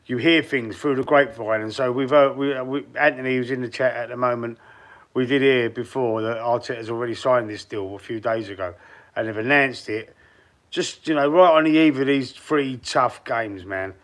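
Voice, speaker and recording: A man's voice: mid-range voice, normal speed. A man from London's East End with a Cockney accent, chatting on a football fan live stream and reading out viewers' comments. He rambles a little and restarts his sentences. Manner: speaks straight to chat viewers by name.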